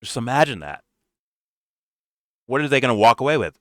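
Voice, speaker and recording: A man's voice: medium pitch, sing-song, fast talker, long pauses, fairly bright tone, no room sound. A man co-hosting a casual political commentary show, talking bluntly and sarcastically with frequent swearing. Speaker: podcast co-host.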